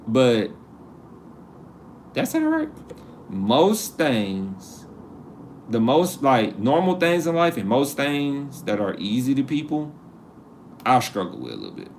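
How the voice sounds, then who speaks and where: This livestream host has a mid-range voice, with slight noise in the background. Relaxed and jokey, he talks to chat, teasing his viewers and chuckling at his own expense.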